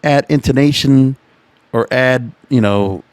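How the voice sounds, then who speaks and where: A man's voice: medium pitch, slow pace, a little mellow, dry recording. A man hosting a podcast, reading from an article and reacting to it in an opinionated, chatty way. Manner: opinionated, chatty, reacting to what he reads aloud. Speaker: podcast host.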